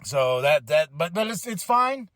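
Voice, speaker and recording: High-voiced man recapping wrestling, rambling. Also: measured pace, dry recording. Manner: animated and rambling, with impressions and asides. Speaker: podcast host.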